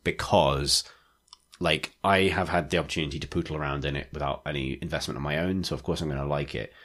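A man with a low, deep voice talks in casual podcast chat. He rambles enthusiastically, full of likes and restarts, as a regular co-host. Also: steady tone, fast talker, a bit bright. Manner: rambling, enthusiastic, many fillers.

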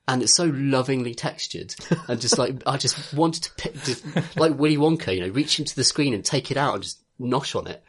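A man's voice: medium pitch, a little fast, few pauses, breathy edge. A young man co-hosting a casual podcast chat, rambling with lots of fillers and laughter. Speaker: podcast co-host.

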